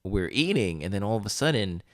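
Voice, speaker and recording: A man's voice: fairly low pitch, brisk, no echo, clean studio sound. A young man co-hosting a casual podcast chat, telling stories animatedly and acting out the people in them. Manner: animated storyteller, acts out quoted voices. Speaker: podcast co-host.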